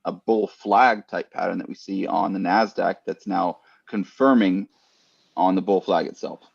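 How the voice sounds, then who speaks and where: A man's voice: deep voice, steady tone, measured pace, vocal fry, breathy edge. A man, a trading coach, steadily explaining market index charts. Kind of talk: chart analysis commentary. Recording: slightly muffled sound.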